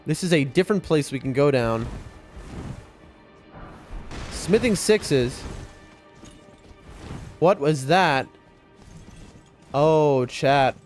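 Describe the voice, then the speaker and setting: A young man streaming a game, chatting excitably to his viewers as he plays. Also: on the high side, very slow, pauses often. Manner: chatty, excitable, often addresses chat. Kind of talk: live gameplay commentary to chat. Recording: faint music behind voice.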